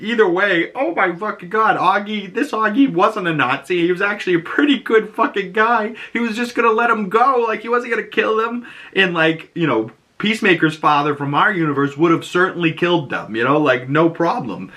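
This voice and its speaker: A man's voice: sits high, bright, forceful tone. A man with a Boston accent casually recapping a TV episode. He swears freely and acts out quotes. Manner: casual, profane, lots of "like" and acted-out quotes. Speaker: show reviewer. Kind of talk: TV episode breakdown and reaction.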